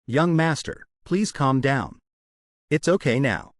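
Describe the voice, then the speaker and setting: A man's voice: medium pitch, expressive, slow, no room sound, clean studio sound. A man reading as an anxious loyal servant. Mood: soothing.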